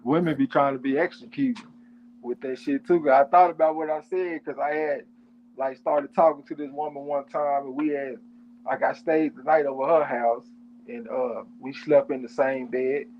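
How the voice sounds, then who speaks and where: A man talking bluntly and profanely in relaxed, casual chat. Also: mid-range voice, moderate pace, lo-fi sound, a little hiss or hum. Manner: blunt, profane, laid-back.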